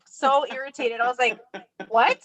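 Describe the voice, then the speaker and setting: Bright-voiced woman telling a story. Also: sits high, unhurried. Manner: animated storyteller. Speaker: podcast co-host. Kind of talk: casual chat.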